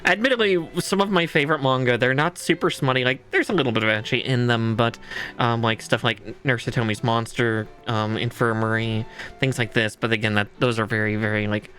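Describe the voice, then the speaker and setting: A woman streaming a dating game, giggling often, lively, and swearing casually as she reacts. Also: extremely low pitch, brisk, soft background music. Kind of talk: gaming stream commentary.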